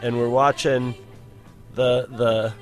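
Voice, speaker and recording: A man's voice: mid-range voice, flat delivery, takes it slowly, soft background music. Man telling a rambling anecdote. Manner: rambling anecdotal storytelling with many restarts. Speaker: podcast co-host. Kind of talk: casual chat.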